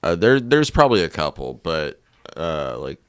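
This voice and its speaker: A man in his forties joins a laid-back movie chat as a guest, his voice very low and smooth. He speaks in easygoing, agreeable replies. The sound is dry and close. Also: very animated, moderate pace, no echo. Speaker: podcast guest. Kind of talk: casual chat about movies.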